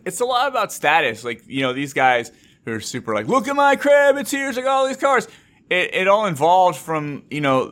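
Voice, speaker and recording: Bright-voiced laid-back podcast host man. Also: medium pitch. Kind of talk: casual podcast chat.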